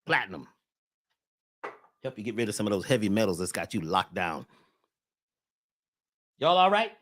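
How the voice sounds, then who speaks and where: Fiery preaching man, wildly swinging pitch. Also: very animated, moderate pace, slight background noise. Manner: preachy, swings from shouting to hushed. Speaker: host. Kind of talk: impassioned spiritual talk.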